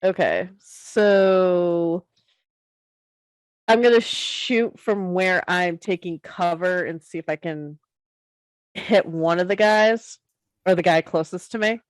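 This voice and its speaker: A woman's voice: fairly low pitch, slow pace, no room sound, poor audio. A woman playing a tabletop game, laughing easily as she plans her move. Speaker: player. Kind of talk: tabletop game play over voice chat.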